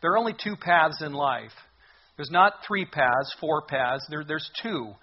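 A man's voice: on the high side, measured pace, slightly rough, lo-fi sound. A man preaching a sermon as a pastor, earnest and emphatic, repeating his points for weight.

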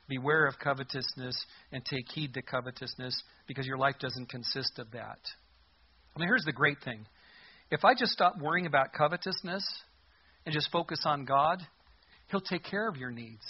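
A man delivers a sermon in an earnest, emphatic manner, repeating words when he presses a point. His voice sits a little higher than most men's and has a husky edge. The recording sounds dull and lo-fi. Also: lively intonation, moderate pace. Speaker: preacher.

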